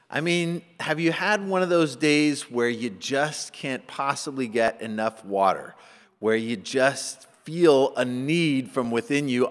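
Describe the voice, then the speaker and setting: A male pastor giving a conversational sermon, animated and acting out little asides. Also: medium pitch, slow. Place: church sanctuary. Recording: church hall with long reverb.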